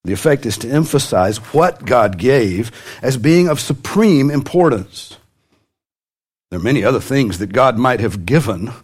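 A man's voice: mid-range voice, animated, unhurried, husky. A man preaching a sermon to a congregation, with light humor and sudden rises in his voice for emphasis. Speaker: pastor.

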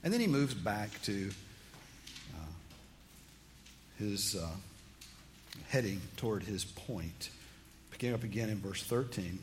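A man's voice: fairly low pitch, animated, takes it slowly, pauses often, a little hiss or hum. A man preaching a sermon, reading scripture aloud and explaining it with rising emphasis. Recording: long hall reverb, faint ambience.

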